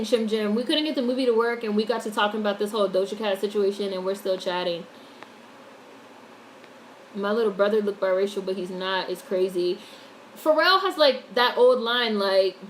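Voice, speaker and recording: A woman's voice: mid-range voice, poor audio. Blunt woman commentator, faint hiss. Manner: blunt, opinionated, swears freely. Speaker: YouTube commentator reading chat. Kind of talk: casual livestream commentary.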